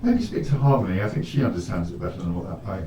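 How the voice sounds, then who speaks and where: Lively joking man at a game table. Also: deep voice, fast, a crowd in the background. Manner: lively, joking, swears casually. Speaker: player. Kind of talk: casual chat at a game table. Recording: echoey room, far from mic, noisy.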